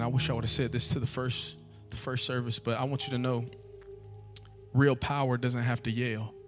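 A man preaching a sermon, asking rhetorical questions again and again and building to loud, repeated calls. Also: mid-range voice. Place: church sanctuary.

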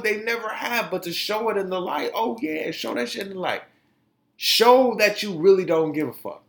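A man's voice: high voice, fairly bright tone. A man hosting a podcast, giving blunt, profane opinion commentary in a heated, ranting way and sometimes stumbling over his words. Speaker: podcast host.

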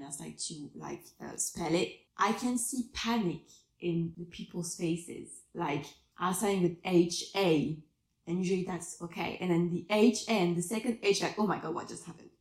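A woman's voice: on the low side, reverberant. A French woman from Alsace hosting a podcast, chatting casually about a memoir, laughing often and restarting her sentences. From Alsace, France. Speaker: podcast host. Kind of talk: casual chat about a book.

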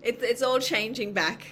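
A woman in her fifties from Australia, with an Australian accent carrying a slight American lilt, talking candidly as an interview guest, with lively restarts and a ready laugh. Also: a little high, slight background noise. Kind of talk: casual conversational interview.

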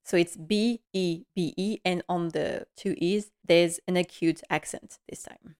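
A woman's voice: lowish voice, fairly even intonation, unhurried, a little mellow, clean tone. Chatty woman recapping episodes. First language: French. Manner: chatty, retells scenes and quotes characters. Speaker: podcast host. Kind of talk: casual episode recap and commentary.

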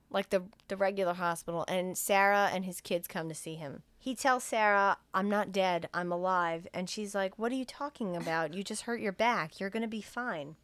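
A young woman in casual chat, retelling a movie scene by scene with plenty of laughter. When she quotes a character she breaks into sudden loud, high outbursts. The mic is close and dry. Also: clean tone, no room sound. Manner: animated, laughs often, acts out characters' lines in loud raised voices. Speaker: podcast co-host retelling a film.

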